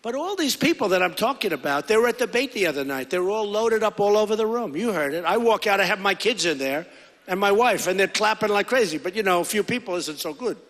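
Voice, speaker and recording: A man's voice: high-pitched, animated, fast talker, a bit bright. A middle-aged man giving a rambling, repetitive campaign rally speech, full of conversational asides, into a podium microphone. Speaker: political candidate. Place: large indoor rally hall. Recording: echoey hall with long reverb.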